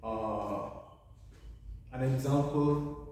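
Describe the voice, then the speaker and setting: Captured at a distance in an echoey room, a Kenyan teacher runs a revision lesson in a mid-range, dark-toned voice. He stays steady and unhurried, going step by step and regularly correcting himself.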